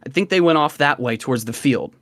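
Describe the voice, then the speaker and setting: A man's voice: on the high side, animated, fast talker, fairly bright tone, dry recording. A man voicing a flustered young male tiefling magician who stammers and frets over whether everyone is safe. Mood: bashful. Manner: worried, stammering, fussing over others.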